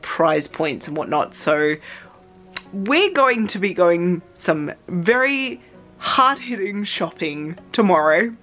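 An Australian woman chatting in a casual vlog, telling a story with excitement and acting out her own reactions. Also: on the low side. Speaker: cosplay vlogger.

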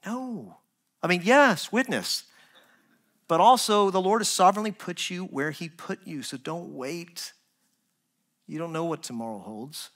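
A man preaching a sermon as pastor, earnest, rising to emphatic points and dropping to soft, quiet asides. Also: high voice, lively intonation, measured pace. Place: church.

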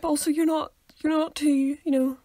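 Young woman, fairly high voice, dry close mic, casual giggly podcast chat. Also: fairly even intonation, brisk, dark tone, dry recording. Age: 20s. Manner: chatty, giggly, acts out quoted voices. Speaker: podcast co-host.

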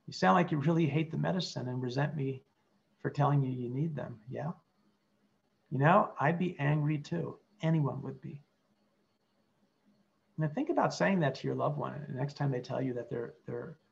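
A middle-aged man, a clinical psychologist, teaching a workshop in an earnest way and modelling calm, empathic replies. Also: medium pitch, normal speed, gravelly, muffled recording. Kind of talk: teaching workshop with role-play examples.

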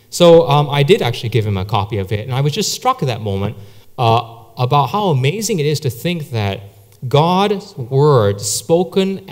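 A man preaching a sermon as a pastor, telling stories in a conversational, animated way. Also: mid-range voice. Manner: conversational storytelling, lively. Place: church sanctuary. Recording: long church hall reverb.

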